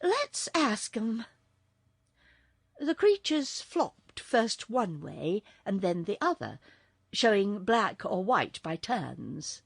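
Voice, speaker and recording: A woman narrating a children's audiobook in a very expressive storytelling voice. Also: medium pitch, takes it slowly, gravelly, slightly rough, no echo, studio quality.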